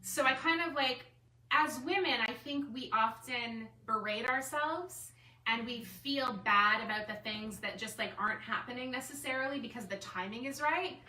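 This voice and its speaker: A bright, slightly high-voiced woman tells a personal story to a group, chatty and animated, acting out what she and others said. She is picked up from some distance in an echoey room. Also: normal speed. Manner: chatty, animated storytelling full of "like" and self-quotes. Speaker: artist and designer speaking at a gathering. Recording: echoey room, mic far off, faint room noise.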